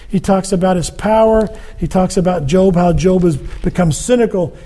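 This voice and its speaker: High-voiced man preaching a sermon. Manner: animated, acts out quoted speech.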